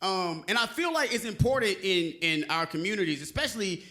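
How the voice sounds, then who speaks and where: A lively young man from Alabama works a comedy stage on a handheld mic. His pitch sits a touch high and swings widely, with a bright, forceful edge. He shouts and sings his punchlines. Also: fairly quick. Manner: animated, shouts and sings punchlines, high squeaky acted quotes. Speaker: stand-up comedian. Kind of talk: stand-up comedy set.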